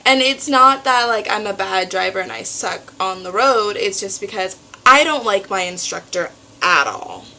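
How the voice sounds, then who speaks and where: A teenage girl vlogging at home, telling a story in an animated way and acting out what others said. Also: mid-range voice, moderate pace, creaky, hardly any pauses, slight background noise, poor audio. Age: teens. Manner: animated storytelling, acts out quotes. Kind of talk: casual venting vlog.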